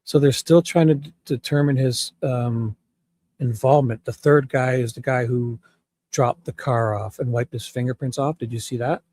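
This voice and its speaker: A man's voice: medium pitch, steady tone, moderate pace, a little mellow. A man co-hosting a casual true crime live chat, easygoing and supportive.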